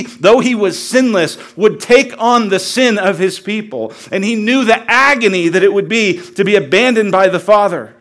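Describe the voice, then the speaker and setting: Earnest preacher man, hushed to booming. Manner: swings from hushed, quiet delivery to loud, near-shouted emphasis; earnest, conversational preaching with personal stories. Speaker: pastor. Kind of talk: sermon.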